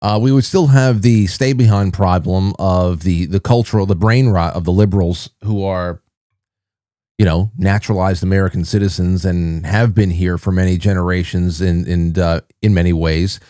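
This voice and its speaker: A male podcast host talks casually, rambling and doubling back on his words with a wry edge. His voice sits low, and the sound is dry with no room around it. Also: steady tone, normal speed, dark tone, dry recording. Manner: rambling, wry, restarts mid-sentence. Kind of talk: casual solo commentary.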